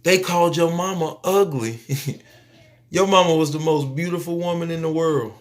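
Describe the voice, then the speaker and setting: A man delivering a spiritual preaching monologue to his viewers, emphatic and repetitive, stretching out phrases and suddenly dropping to a soft near-whisper. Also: on the high side, moderate pace. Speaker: YouTube speaker.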